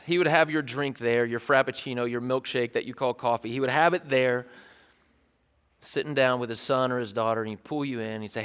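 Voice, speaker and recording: A man's voice: medium pitch, a little fast, a bit bright, clear, resonant tone. A man from East Tennessee, preaching a sermon in a loose, joking, conversational way and often repeating himself. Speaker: pastor. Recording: church hall with long reverb.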